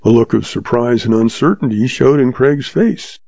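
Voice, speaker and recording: A man narrating a western story in a steady, measured reading. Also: medium pitch, vocal fry, dry recording. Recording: dull lo-fi sound.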